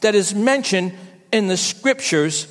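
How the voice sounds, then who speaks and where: A woman pastor delivering a sermon to her church, with slow, emphatic preaching and repetition for effect. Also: mid-range voice, lively intonation, long reverb tail.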